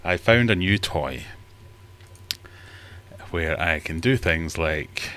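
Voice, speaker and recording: A man chatting on a home livestream, his pitch swinging up and down as he jokes. He teases himself and talks in a casual, rambling way, a bit out of breath. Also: lively intonation, slow pace, pushed and bright. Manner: chatty, jokey, self-mocking. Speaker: livestream host. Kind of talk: casual live chat. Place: home fish room.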